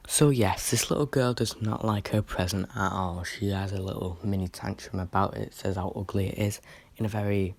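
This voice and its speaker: A man's voice: sits low, gravelly. A British man reviewing a horror film in a casual, rambling way, with lots of fillers and restarts.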